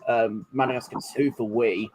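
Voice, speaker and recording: A man's voice: medium pitch, steady tone, normal speed, a little mellow, poor audio. A man giving a casual fan commentary on a film, rambling with fillers and restarts. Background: film soundtrack playing.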